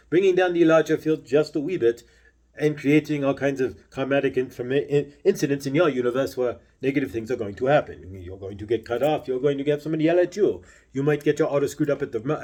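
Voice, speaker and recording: A man speaking as a spiritual channeler, delivering a slow, deliberate talk full of repeated questions. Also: on the high side, darkish tone, husky.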